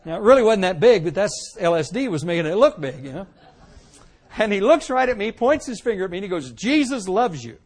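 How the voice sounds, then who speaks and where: Middle-aged man, high voice, lively testimony storyteller. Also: fast talker. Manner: animated, dramatic storytelling with laughs. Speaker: testimony speaker.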